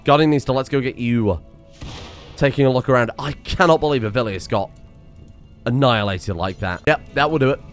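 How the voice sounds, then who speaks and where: A man giving excitable let's play commentary on a strategy game, muttering one moment and shouting the next. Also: medium pitch, fairly quick, faint music behind. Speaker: gameplay commentator.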